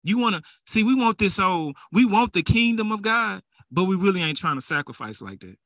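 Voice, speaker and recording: Man, preacher, conversational sermon turning fervent, a bit high voice. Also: animated, a little fast, a bit bright, no room sound. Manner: conversational, rising to fervent exhortation.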